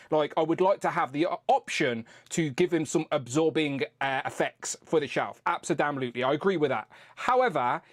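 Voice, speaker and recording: A man's voice: fairly high pitch, dry recording, studio quality. A man hosting a toy-collecting live stream in a casual, rambling, chatty way, swearing freely.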